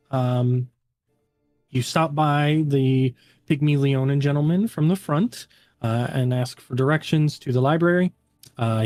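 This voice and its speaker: A man's voice: mid-range voice, darkish tone, no room sound. A man narrating a tabletop game as game master, in a casual style full of fillers.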